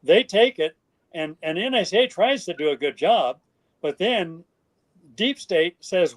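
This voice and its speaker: An older man, a guest in an interview, telling stories in a lively way and acting out what others said. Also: high voice, a little slow. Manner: animated, acts out quoted voices. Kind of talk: storytelling interview.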